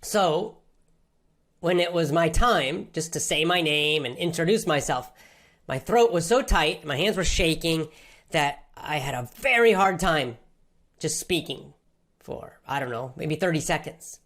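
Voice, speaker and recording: A woman's voice: low voice, expressive, a little slow, fairly bright tone. A woman from Georgia in the United States telling a personal story to language learners in simple, emphatic words with a lot of repetition. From Athens, Georgia, USA. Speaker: English-learning podcast host.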